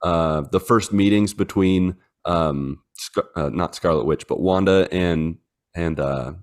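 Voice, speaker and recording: Podcast co-host, man, 30s, very low voice, chatty storyteller with lots of fillers. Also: slow. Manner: rambling storyteller, many fillers, acts out his dogs in silly voices. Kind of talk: casual chat.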